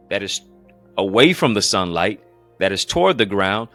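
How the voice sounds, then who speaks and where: A man's voice: fairly low pitch, sing-song, moderate pace, fairly bright tone, dry recording, faint music behind. A man preaching as a pastor, in an emphatic, repetitive cadence full of rhetorical questions. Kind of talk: motivational preaching.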